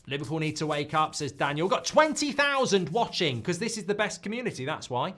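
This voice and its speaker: A man hosting a live football watchalong, reacting loudly to goals and swearing freely. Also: a little high, brisk. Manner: excitable, swears, shouts at goals. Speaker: watchalong host.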